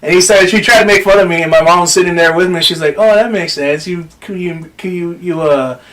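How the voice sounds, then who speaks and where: A man's voice: high voice, fairly quick. A man on a podcast telling a personal story in casual chat, swearing a lot and acting out what people said. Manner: swears often, animated retelling with quoted voices. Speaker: podcast co-host.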